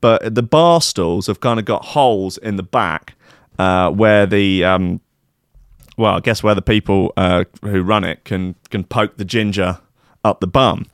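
A man's voice: fairly low pitch, unhurried, smooth, no room sound, clean studio sound. A man hosting a comedy show, rambling through a silly story with lots of fillers. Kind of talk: comic storytelling.

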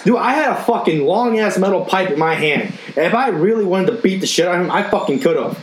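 A man's voice: high voice, lively intonation, a little fast. A young man and factory worker in casual chat, blunt and heated, swearing constantly. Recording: roomy sound with faint noise.

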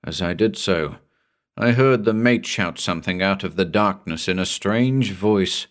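Low-voiced man reading a horror tale. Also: unhurried. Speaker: audiobook narrator. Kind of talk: reading a horror story aloud.

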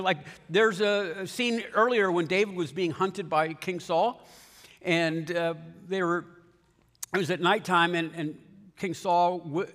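A man preaching a sermon in a conversational, joking way, retelling scenes with animated asides. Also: sits high. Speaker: pastor. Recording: long hall reverb.

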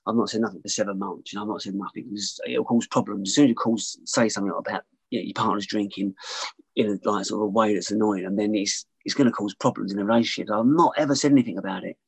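A man's voice: lowish voice, fairly even intonation, fast talker, vocal fry, breathy edge, no room sound, low-quality recording. A man telling a candid personal story as an interview guest, rambling, repeating himself and swearing freely.

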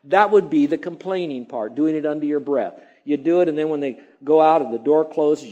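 A man's voice: on the high side, brisk, hardly any pauses, dark tone, highs cut off. A male pastor preaching a sermon, emphatic and repeating phrases for effect.

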